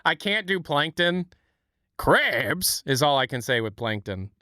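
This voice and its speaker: A man's voice: a little high, very animated, unhurried, pushed and bright, no room sound, studio quality. A man hosting a casual live stream, rambling and chatting with lots of fillers. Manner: rambling, laughing, filler-heavy. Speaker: streamer host.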